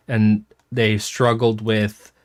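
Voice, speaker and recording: A man's voice: on the low side, flat delivery, slow pace. Rambling man reading chat comments. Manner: rambling, self-interrupting, swears casually. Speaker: music producer hosting a chat stream.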